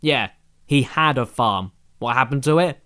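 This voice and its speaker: A man's voice: medium pitch, expressive, unhurried. A British man giving comedic review commentary, sarcastic and exasperated, ranting with sudden outbursts. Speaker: video reviewer. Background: music playing underneath.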